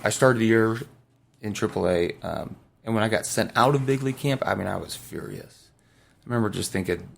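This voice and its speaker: Gravelly laid-back man telling stories. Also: on the low side. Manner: laid-back, rambling with many fillers and restarts. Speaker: former pro baseball player, podcast guest. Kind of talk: casual storytelling interview.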